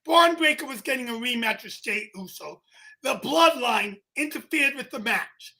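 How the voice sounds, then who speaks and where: A man in his twenties co-hosts a comedy chat, teasing his partner and breaking into loud exclaiming. His voice is gravelly and husky with a sharp, bright edge. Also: very high voice, lively intonation, moderate pace. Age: 20s. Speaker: co-host.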